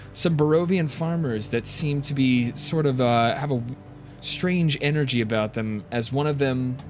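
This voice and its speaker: A man narrating as game master on a live stream, vivid and descriptive, with frequent uhs and restarts. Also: medium pitch.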